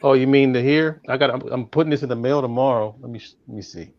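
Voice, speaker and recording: A man's voice: medium pitch, quick pace. A man joining a live stream as a guest, joking and easygoing. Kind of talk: casual chat on a live call. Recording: muffled call line with faint noise.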